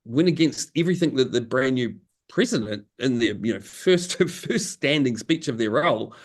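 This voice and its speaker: A man, a communication coach, telling stories in a casual podcast conversation, animated and laughing often as he acts out what people said. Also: mid-range voice, normal speed.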